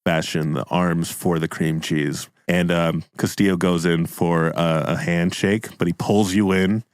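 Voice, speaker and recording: Deep-voiced man improvising comedy. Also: steady tone, a little slow, clear, resonant tone, no echo, studio quality. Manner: playful, swings into voices. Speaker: host and game master.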